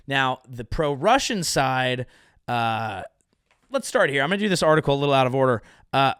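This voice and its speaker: A man's voice: medium pitch, a bit bright, clean tone, no room sound, studio quality. A young man from the Bay Area who hosts a comedy show, riffing on the news with wry, self-mocking asides. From San Francisco Bay Area, USA. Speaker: comedian host.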